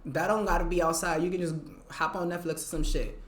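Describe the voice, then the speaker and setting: Hosting her own podcast in a roomy, echoey space, a woman delivers a casual, blunt, profane monologue, slipping Spanish phrases between her English lines. Her voice is lowish and fairly even in intonation, moving a little fast.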